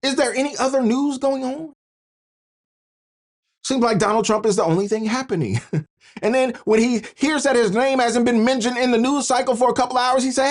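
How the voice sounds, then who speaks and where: A man's voice: extremely high pitch, moderate pace. A man hosting a commentary video, folksy and sarcastic, chuckling and talking to his viewers as "y'all". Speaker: commentary channel host. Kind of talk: political commentary vlog.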